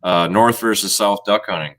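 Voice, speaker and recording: Guy w a fairly low voice, chatting loose on a stream, keeps restarting. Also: a bit bright. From Minnesota. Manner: halting, loose talker with many restarts. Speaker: guest outdoors video creator. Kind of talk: casual outdoors chat on a livestream.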